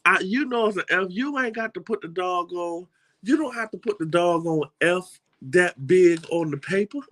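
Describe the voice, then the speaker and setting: A middle-aged man with a Southern US accent gives a motivational talk in an animated, folksy storytelling style, often restarting and repeating words. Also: sits high, normal speed. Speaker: motivational speaker.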